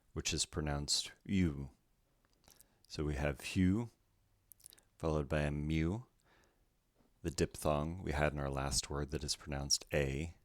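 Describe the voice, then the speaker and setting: A man's voice: a bass voice, dry recording, clean studio sound. A man teaching Greek pronunciation, going carefully through each word letter by letter in a methodical way. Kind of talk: slow letter-by-letter pronunciation lesson.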